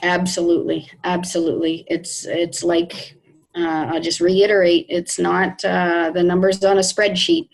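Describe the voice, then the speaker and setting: A slow-talking woman with a gravelly, creaky edge, speaking heartfelt words to her team over a video call. Her voice sits a little low. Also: little pitch movement, rough recording. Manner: slow, warm, heartfelt and emotional. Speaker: network marketing team member. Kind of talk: casual video call chat.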